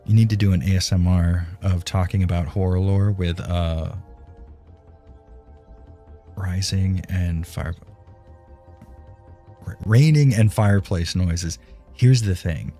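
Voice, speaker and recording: A man's voice: sits low, slow, pauses often, warm tone, soft background music. A man live-streaming and chatting casually with his viewers, rambling and swearing freely as he answers chat, speaking close into a dynamic broadcast mic at a home streaming setup.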